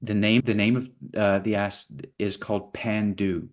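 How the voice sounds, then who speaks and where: A man, interview guest, telling parables in a relaxed conversation and acting out little voices for the characters. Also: lowish voice, unhurried. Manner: playful, acts out little voices in his parables. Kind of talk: storytelling in conversation.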